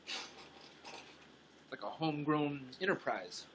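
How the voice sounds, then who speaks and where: A man's voice: mid-range voice, moderate pace, long pauses, background noise. A man hosting a casual livestream, chatting playfully and muttering asides to himself while he edits clips. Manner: playful, muttering asides, lively ups and downs. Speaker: livestream host.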